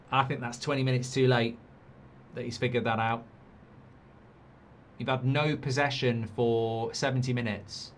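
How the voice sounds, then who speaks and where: A man's voice: medium pitch, fairly bright tone, a little hiss or hum. A middle-aged man from England hosting a live football watchalong. He is blunt and opinionated, swears casually and reads out viewer comments.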